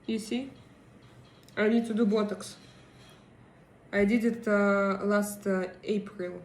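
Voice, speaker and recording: Woman livestreamer, slow halting chat with lots of fillers, roomy echo, faint background hiss. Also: medium pitch, fairly even intonation. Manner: hesitant, many pauses and fillers while searching for English words. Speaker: livestream host. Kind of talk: casual live chat, answering viewer comments.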